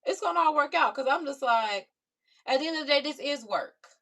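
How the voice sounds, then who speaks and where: Sassy raspy-voiced young woman streamer. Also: high-pitched, lively intonation, a little fast, a bit bright. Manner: sassy, talks back to commenters. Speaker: live streamer reacting to comments. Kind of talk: casual reaction chat.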